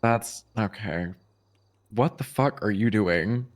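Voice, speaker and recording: A man with a lowish voice chatting casually during a game session. He teases his friends bluntly and swears freely. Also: slow, a little hiss or hum. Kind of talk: casual chat.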